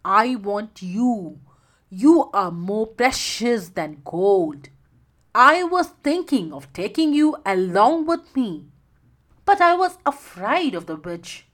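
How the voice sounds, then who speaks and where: A woman voicing a greedy grown fisherman who speaks slowly, loudly and emphatically. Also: mid-range voice, big pitch swings, heavily acted. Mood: menacing. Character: greedy grown male fisherman, rough and forceful.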